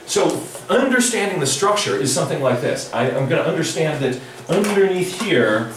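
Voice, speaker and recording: A middle-aged man leading a drawing workshop, chatting with his audience in a playful, animated way. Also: on the high side, normal speed, slight background noise. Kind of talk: live workshop lecture. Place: large echoey lecture room. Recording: echoey hall recording from far off.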